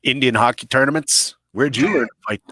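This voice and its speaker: A man's voice: medium pitch, fairly quick, pushed and bright, slight background noise. A man on a podcast, telling crude comic stories in a blunt, boisterous, self-mocking way and swearing often. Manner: boisterous, swears a lot, acts out voices in stories. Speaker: podcast guest.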